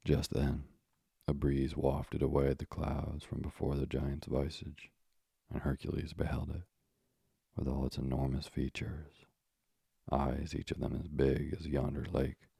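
A man narrating a classic storybook in a measured, old-fashioned manner, with moralizing asides. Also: extremely low pitch, completely flat delivery, vocal fry, warm tone, husky, no room sound, studio quality.

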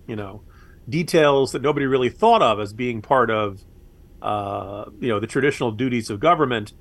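A man's voice: mid-range voice, creaky. A man co-hosting a political podcast, talking casually and sarcastically with frequent laughs. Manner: animated, sarcastic, laughs often. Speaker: podcast co-host.

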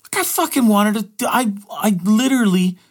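Middle-aged guy vlogging, kinda high voice, rambly and cussing a lot, keeps restarting his sentences. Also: lively intonation, moderate pace. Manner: rambling, profane, repeats and restarts words. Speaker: vlogger and live streamer. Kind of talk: candid personal monologue.

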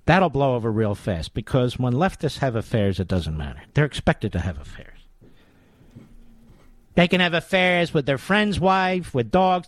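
A man's voice: medium pitch, expressive, unhurried, long pauses, no echo, clean studio sound. A man hosting a political talk radio show, delivering a combative, sarcastic monologue.

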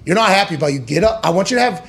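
Man, sports talk host, high voice, sarcastic, profane, ranting. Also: lively intonation, rapid-fire, gravelly, a bit bright. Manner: sarcastic, profane, building rants; switches into mocking voices. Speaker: podcast host. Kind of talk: sports talk show rant.

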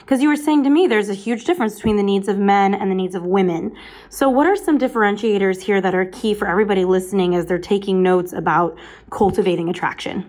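A woman's voice: medium pitch, quick pace, a little mellow. A woman hosting a podcast interview, enthusiastic and affirming. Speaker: podcast host.

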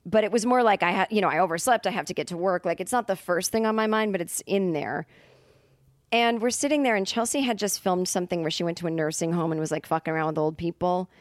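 A woman comedian spins a casual, rambling story as a podcast guest. She circles back with fillers and self-corrections. Her voice sits a little low and the sound is dry and close. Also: fast talker, dry recording.

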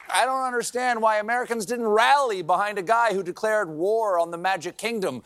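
A man's voice: sits high, fairly quick, hardly any pauses, background noise. A man hosting a late-night show, delivering a comedic news monologue with sarcastic, mocking punchlines.

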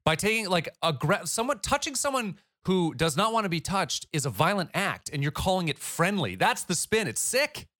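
Emphatic male co-host, higher, animated voice, dry close sound. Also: normal speed, few pauses, no echo. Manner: emphatic, disgusted. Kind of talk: opinionated political talk.

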